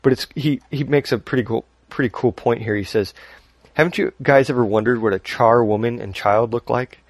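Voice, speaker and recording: A man's voice: mid-range voice, fairly even intonation, a little fast, no room sound. A man hosting a podcast, talking casually and rambling a little, laughing often as he reads listener email. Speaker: podcast host.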